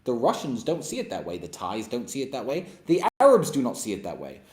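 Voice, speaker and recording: A man's voice: medium pitch, huge pitch swings, fairly quick, a little mellow. A man hosting an opinionated monologue and Q&A, blunt and sarcastic, with emphatic delivery. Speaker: host. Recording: roomy echo.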